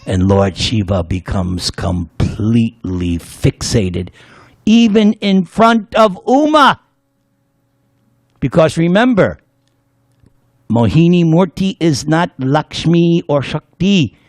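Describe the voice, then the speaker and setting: Male spiritual lecturer, high and lively voice, playful storyteller, dry sound. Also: takes it slowly, no room sound. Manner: playful, leads the audience in call-and-response chanting; storytelling with jokes. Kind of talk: devotional class lecture.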